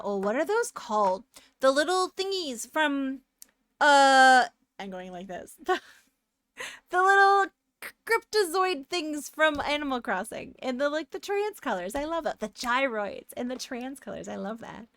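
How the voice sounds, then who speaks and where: A woman streaming a retro adventure game, chatting casually and playfully with her viewers and breaking into loud bursts of frustration. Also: fairly high pitch, dry recording. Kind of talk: casual live-stream commentary.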